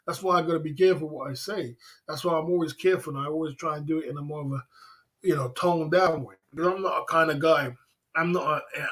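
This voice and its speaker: A man's voice: fairly high pitch, a bit bright. A man hosting a livestream, rambling and teasing viewers with chuckles in casual banter. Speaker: livestream host.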